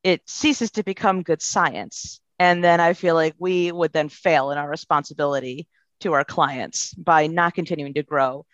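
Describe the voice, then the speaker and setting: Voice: medium pitch, moderate pace, fairly bright tone, no room sound. A guest speaking as a professional in their field, giving earnest, thoughtful answers in a podcast interview. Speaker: guest, behavior analysis professional. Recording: dull, dry lo-fi sound.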